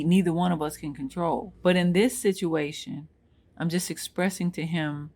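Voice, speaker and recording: Her voice lowish and darkish in tone, an American channel host tells an earnest, emotional personal story, bringing scenes back through quoted dialogue.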